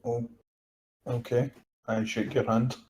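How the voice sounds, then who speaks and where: Lively, crude-joking man at a game table. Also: mid-range voice, takes it slowly, gravelly, a little hiss or hum, low-quality recording. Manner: crude, jokey, animated. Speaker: player. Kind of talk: casual tabletop play.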